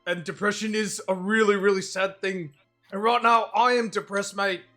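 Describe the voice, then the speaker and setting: Young man, very high voice, bright and sharp, rowdy joking player. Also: fairly even intonation, moderate pace, faint music behind. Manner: rowdy, joking, in-character banter. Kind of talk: casual tabletop play.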